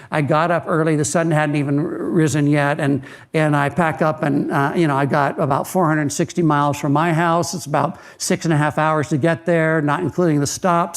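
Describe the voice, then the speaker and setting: A man's voice: a little high, vocal fry. A man, a pastor, preaching a sermon in a conversational storytelling way, often repeating words as he starts a phrase.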